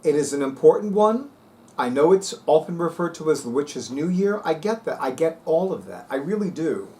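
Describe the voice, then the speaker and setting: A man's voice: a little high, very animated, moderate pace, mellow. A man talking casually to viewers as a vlog host, sassy, emphatic and dramatic. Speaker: spiritual video host.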